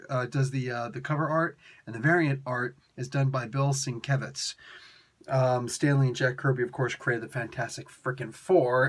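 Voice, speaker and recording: A young man hosting a casual review, talking in an animated, sarcastic and exasperated way with slangy asides. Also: mid-range voice. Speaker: comic book reviewer.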